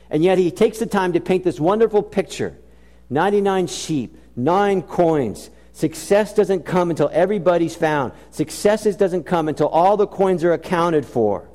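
A male pastor preaching a sermon, swinging between loud emphatic bursts and low, slow passages. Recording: long reverb of a large hall.

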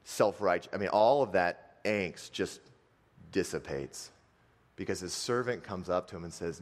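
A low-voiced man preaching a sermon as a dramatic retelling. He surges into quick, loud phrases, then pulls back to slow, hushed lines. A long reverb from a large hall hangs behind every word. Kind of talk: sermon storytelling.

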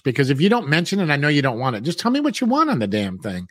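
A man's voice: mid-range voice, sing-song, fast, few pauses, a bit bright, dry recording, clean studio sound. A man co-hosting a casual chat show over a video call, ranting and swearing, acting out customers in put-on voices. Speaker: co-host.

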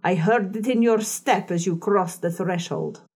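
Woman reading as an old female fortune teller: harsh, decided, unhurried. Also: medium pitch, darkish tone, husky. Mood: probing. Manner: decided, deliberate, mocking.

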